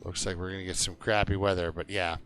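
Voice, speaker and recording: A man's voice: low voice, level tone, a bit bright, slight background noise. A man streaming a survival game, chatting and telling stories at a rambling pace with lots of fillers. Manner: slow, rambling storytelling with many fillers. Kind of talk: relaxed gameplay commentary.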